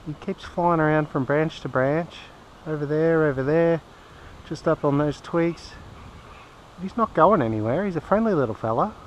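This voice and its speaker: An Australian man vlogging from a riverbank in the bush, talking softly on a phone camera, his soothing voice lilting up when he speaks to a bird. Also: on the high side. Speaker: fishing vlogger. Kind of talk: outdoor commentary to camera. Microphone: phone camera mic. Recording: faint outdoor background noise.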